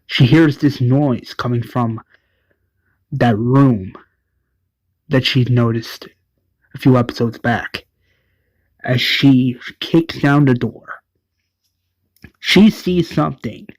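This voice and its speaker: A man casually retelling an episode, rambling with lots of "like" and quick self-corrections. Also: mid-range voice, no room sound, poor audio. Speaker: show recap narrator.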